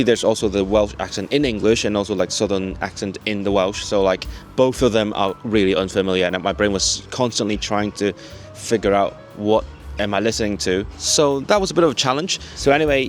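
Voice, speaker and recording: A young man vlogging casually, thinking aloud as he walks through town streets at dusk. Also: fairly low pitch. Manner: chatty, thinking aloud, self-talk while walking. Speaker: language vlogger. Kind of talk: casual vlog monologue. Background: wind, traffic and faint music.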